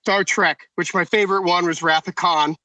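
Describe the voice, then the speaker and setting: A man's voice: high-pitched, fairly even intonation, moderate pace, bright, forceful tone, dry recording, poor audio. A man chatting casually as a podcast guest, telling eager, rambling anecdotes. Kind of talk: casual chat.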